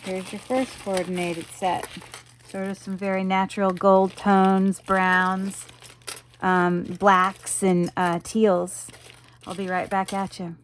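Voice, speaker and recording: Speaking slowly at medium pitch with little pitch movement, a woman walks through the jewelry she sells over a faint hiss or hum. It's a casual, rambling showcase full of ums and you-knows, delivered in an eager selling tone.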